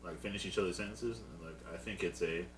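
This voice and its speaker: A man's voice: low-pitched, quick pace. A man co-hosting a podcast in casual chat, dry and wisecracking, recorded in a roomy space from a distant mic with a faint hum. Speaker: podcast co-host.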